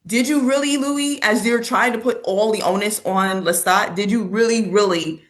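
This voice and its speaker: A woman's voice: medium pitch, normal speed. A woman co-hosting a casual podcast, giving blunt, incredulous opinions about a show. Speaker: podcast co-host. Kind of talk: casual pop-culture discussion.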